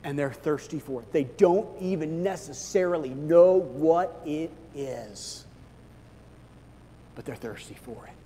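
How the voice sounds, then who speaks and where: High-voiced man preaching in a big hall. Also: measured pace, a little hiss or hum. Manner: animated, swings from hushed to loud, acts out quoted voices. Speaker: pastor. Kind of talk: sermon. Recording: long reverb of a large hall.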